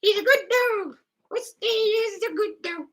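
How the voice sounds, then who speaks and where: A man putting on a shrill, whiny falsetto voice in a silly sing-song, strained as if near crying. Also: a little slow, a bit bright.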